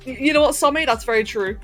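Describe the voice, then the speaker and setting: A woman from England with a posh London accent, softened by a little Californian, chatting casually and laughing with her chat during a gaming livestream. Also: sits high. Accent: posh London English, slightly Californian-tinged. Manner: chatty, giggly, answers chat while playing.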